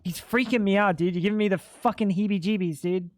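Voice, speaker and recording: This gaming streamer's voice sits high and he talks fast, with no echo on the sound. He chats casually through a live video game session, cursing freely and calling everyone "dude."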